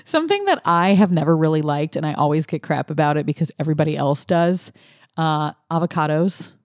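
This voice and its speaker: A woman co-hosting a podcast in a casual chat, with a dry, deadpan joking delivery. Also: sits low, brisk, dry recording. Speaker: podcast co-host.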